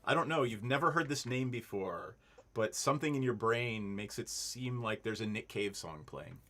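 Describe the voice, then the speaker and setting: A man's voice: mid-range voice, normal speed, fairly bright tone. Laid-back man running a tabletop game. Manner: laid-back, swearing, laughing often. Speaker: dungeon master. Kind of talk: narrating a tabletop game over a stream.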